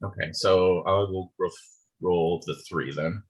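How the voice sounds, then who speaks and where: A man's voice: low voice, fairly even intonation, a little slow, breathy edge. A man playing in a tabletop game, chatting casually with hesitant, stumbling phrasing. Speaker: player.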